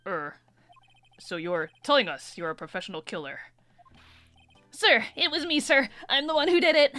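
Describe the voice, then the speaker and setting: A woman playing a shouting, eager young cop. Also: a little high, moderate pace, no echo, soft background music, pitched above the performer's own voice. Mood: frantic. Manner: shouting, ends lines with "sir". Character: loud eager young male police officer.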